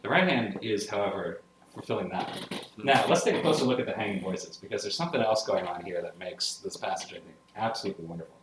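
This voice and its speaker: A man's voice: on the low side, fast, heavy background noise. A man teaching music theory in a classroom lecture, explaining passages step by step with solfege syllables and enthusiastic checks with his listeners. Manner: energetic and enthusiastic about the music. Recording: roomy echo with clear piano. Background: piano playing.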